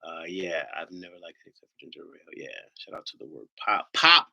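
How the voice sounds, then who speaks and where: A man's voice: sits low, steady tone, fast, gravelly, pushed and bright. A man from Ohio hosting a live stream, rambling in casual chat, joking and swearing freely.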